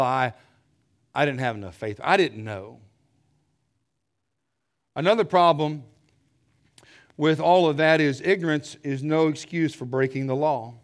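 Male preacher, high voice; emphatic sermon delivery with repetition and sudden drops to a hush. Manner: swings from loud emphatic shouting to low hushed tones; repeats phrases for emphasis, asks rhetorical questions. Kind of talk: fiery sermon.

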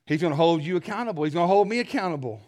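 A fiery preacher with a high-pitched male voice. He hammers his points with repetition and rhetorical questions, then drops to a low hush before building again. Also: lively intonation, very fast. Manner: swings from loud emphatic shouting to low hushed tones; repeats phrases for emphasis, asks rhetorical questions. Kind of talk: fiery sermon.

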